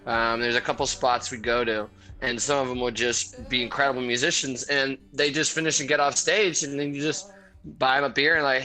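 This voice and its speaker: A man with an American accent, a musician telling stories in a relaxed, chatty way and laughing often. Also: mid-range voice, fairly quick, poor audio. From South Florida, USA. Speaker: guest musician. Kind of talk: casual interview chat over beers.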